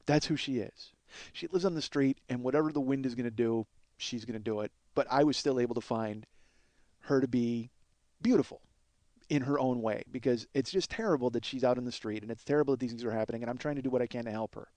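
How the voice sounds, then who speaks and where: A man's voice: mid-range voice, quick pace, darkish tone, dry recording. A man in his forties, hosting a podcast, tells a comic story in a profane, self-mocking, ranting way. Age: 40s. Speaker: podcast host. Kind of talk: comedic storytelling monologue.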